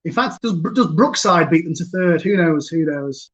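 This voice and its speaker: A man hosting a virtual pub quiz over a video call, chatty, chuckling, and reading each question twice, slowly. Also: fairly high pitch, animated. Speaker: quiz host. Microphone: computer mic on a video call. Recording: dull lo-fi video call audio.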